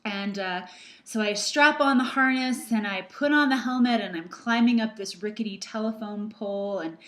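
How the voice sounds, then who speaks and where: A woman's voice: mid-range voice, moderate pace, a bit bright. A middle-aged woman, a practitioner of emotional processing, talking earnestly to camera and telling a personal story with many fillers and restarts. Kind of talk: casual talk to camera.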